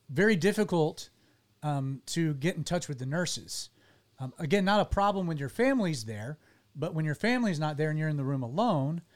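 A man telling a personal story to his interviewers in an earnest, halting way, often restarting his sentences. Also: fairly high pitch.

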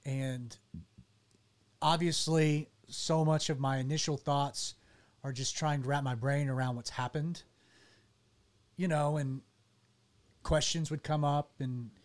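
Man, fairly high voice, guest recounting his own story; earnest, halting, restarts often. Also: steady tone. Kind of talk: personal storytelling in conversation.

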